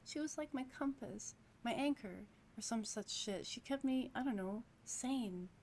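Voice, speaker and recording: A woman's voice: fairly high pitch, measured pace, a little mellow, slight background noise. A woman voicing a bitter, swearing young ex-cop. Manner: swearing, angry and ranting. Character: bitter grieving young male ex-cop, volatile.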